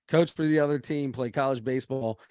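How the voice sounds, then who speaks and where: A man's voice: medium pitch, fairly quick, a little mellow, smooth, no echo, clean studio sound. Chatty man telling a story. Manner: storytelling, rambling with restarts. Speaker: co-host. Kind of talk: casual chat.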